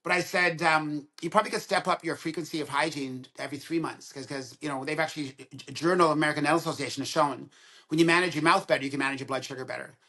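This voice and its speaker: A man's voice: on the high side, quick pace. A man of around sixty, a dentist and podcast guest, telling stories in casual conversation and acting out both sides of quoted dialogue. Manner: animated storyteller who acts out both sides of quoted dialogue.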